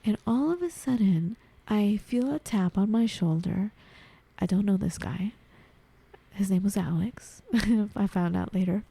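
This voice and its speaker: Gravelly-voiced woman telling a story. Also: mid-range voice, unhurried. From United States. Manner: animated, acts out quoted voices, frequent "like". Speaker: podcast guest. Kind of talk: conversational storytelling.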